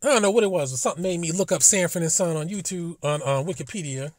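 A man's voice: a little high, no room sound, clean studio sound. Profane, indignant man ranting dryly. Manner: profane, emphatic, asks indignant rhetorical questions. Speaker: commentary vlogger. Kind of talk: casual commentary monologue.

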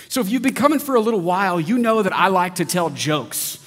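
A man in his thirties preaching a sermon, telling funny stories in a lively, animated way. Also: sits high, fairly quick, hardly any pauses. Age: 30s. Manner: lively joking storyteller, animated. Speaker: pastor. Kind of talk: sermon with humorous storytelling. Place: large church hall. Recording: long hall reverb.

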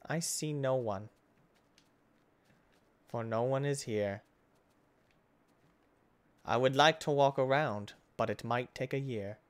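A man hosting his gaming channel, giving casual let's-play commentary, excitable and swinging between loud outbursts and hushed muttering. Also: mid-range voice, slow pace, pauses often, smooth.

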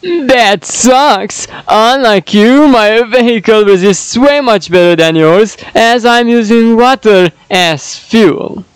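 A man's voice: high voice, takes it slowly, smooth, no room sound, rough recording. A man voicing a smug, boastful male flag zombie who controls the sea.

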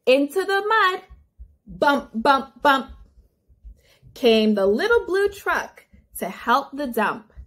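A woman's voice: high voice, big pitch swings, measured pace, a bit bright. A woman speech therapist reading a picture book aloud to toddlers in a sing-song way with gasps of wonder.

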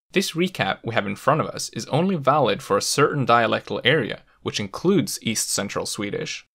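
A man hosting a language education video, giving a clear, methodical scripted explanation with touches of dry humor. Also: medium pitch, a bit bright. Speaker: host of a language education channel.

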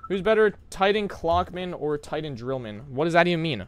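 A young man from America streaming a horror game live, shouting bursts of hype and muttering asides to chat. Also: on the high side, animated, brisk, slight background noise.

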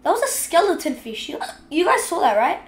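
High-voiced woman chatting over gameplay. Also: big pitch swings, fairly quick, roomy sound. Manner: chatty, scolds the game's fish out loud. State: has the hiccups. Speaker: gaming video host. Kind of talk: casual gameplay commentary.

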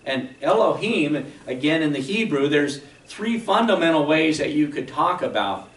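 A man's voice: fairly high pitch, sing-song, normal speed, reverberant, recorded from a distance, poor audio. A man preaching a sermon as a pastor, explaining patiently and often checking in with "okay?". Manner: explanatory teaching, frequent "okay?" check-ins. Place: church sanctuary.

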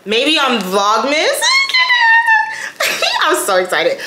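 A young woman chatting casually in a haul vlog, rambling and animated, breaking into laughter and using slang like "child" and "y'all". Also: mid-range voice, normal speed, reverberant, a little hiss or hum. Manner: colloquial, says "child" and "y'all". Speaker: lifestyle vlogger.

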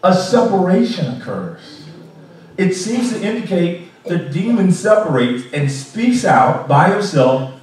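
A man's voice: high voice, big pitch swings, unhurried, darkish tone. A man preaching a sermon as pastor, pressing his congregation with repeated rhetorical questions. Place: large church sanctuary. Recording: echoey sanctuary from far off.

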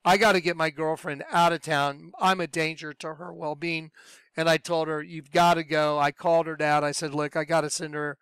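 A man telling his personal religious testimony in a lively storytelling way, acting out what he said back then. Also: a little high, moderate pace, clean tone, no echo, studio quality. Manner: animated storyteller, acts out his own past voice. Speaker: speaker sharing a religious testimony.

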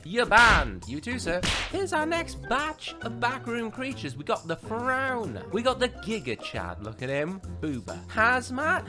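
Lively man doing game commentary. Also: sits high. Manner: jokey, animated, teasing the creatures. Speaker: gaming video host. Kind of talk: playful gameplay commentary. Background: background music.

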